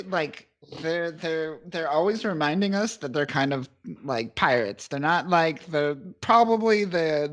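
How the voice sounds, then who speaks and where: A man co-hosting a podcast, talking casually and enthusiastically about a comic book, often restarting his sentences. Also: fairly high pitch. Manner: enthusiastic, rambling with restarts and laughs. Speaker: podcast co-host.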